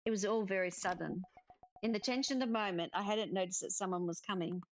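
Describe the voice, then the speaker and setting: A woman playing a visual novel and reading its text and every character aloud in a lively way. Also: mid-range voice, fast, a little hiss or hum. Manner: lively, reads every part. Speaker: game streamer.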